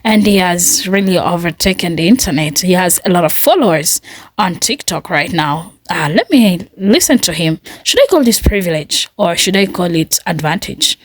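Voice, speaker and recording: A woman's voice: fairly low pitch, animated, normal speed, no echo. A woman giving earnest, reflective commentary, thinking aloud as she goes. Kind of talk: casual commentary.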